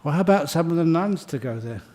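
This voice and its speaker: A man's voice: on the high side, lively intonation. A man leading a ceremony, reading out names and welcoming each new member in a chatty, good-humoured way. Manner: slow, warm-hearted and chatty, laughing between names. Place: meditation hall.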